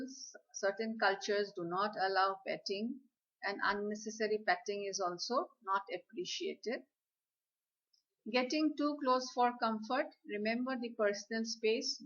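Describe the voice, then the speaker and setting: Female lecturer, unhurried instructive delivery, muffled lo-fi recording. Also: mid-range voice, fairly bright tone. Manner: slow, deliberate, instructive. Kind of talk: slide lecture on communication skills. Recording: slightly dull, lo-fi audio.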